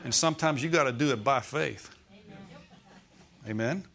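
A man's voice: medium pitch, normal speed, vocal fry, fairly bright tone. A male pastor preaching a Sunday sermon in a church, often calling out "Amen?" and "Okay?" to the congregation.

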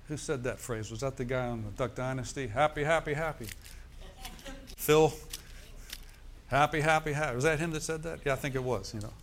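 A man's voice: mid-range voice, fast, hardly any pauses, a little hiss or hum. A middle-aged man preaching a sermon, with "amen" and "hallelujah" thrown in to the congregation. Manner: preaching with call-and-response asides. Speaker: pastor.

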